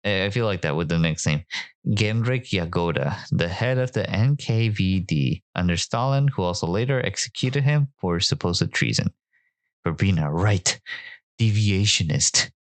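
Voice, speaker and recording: Male podcast host with a low register and a dry, close sound, riffing sarcastically while reacting to clips. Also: animated, moderate pace, dry recording. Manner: sarcastic, joking asides. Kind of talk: casual commentary reacting to clips.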